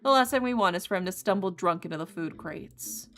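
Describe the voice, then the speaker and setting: A woman's voice: medium pitch, lively intonation, a little fast, fairly bright tone, close to an everyday voice. A woman voicing a tired, fretful professor in a visual novel game, scolding and worn out. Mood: weary. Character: weary, fretful professor caring for creatures.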